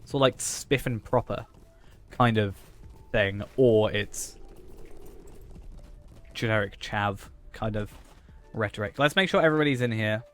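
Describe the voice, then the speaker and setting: A man's voice: lowish voice, measured pace, long pauses, a bit bright. A man, streaming a game and chatting casually with viewers while he plays, cracking jokes. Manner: joking, chatty, talks to chat while playing. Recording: faint background music.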